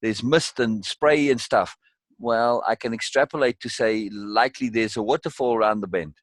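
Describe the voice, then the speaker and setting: A man hosting a live group discussion, eager and quick to chime in with agreement. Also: medium pitch, no room sound. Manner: eager, often breaks in with agreement. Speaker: discussion host.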